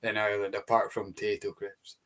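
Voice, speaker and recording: A man's voice: on the low side, monotone, brisk, fairly bright tone. A man co-hosting a casual live-stream chat, trading playful jokes. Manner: jokey, playful banter.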